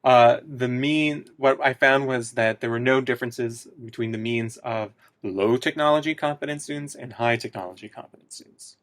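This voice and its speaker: A man presenting his research study, talking through the results with frequent pauses, fillers and restarts. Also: mid-range voice, a bit bright, no room sound. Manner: hesitant, many fillers and restarts.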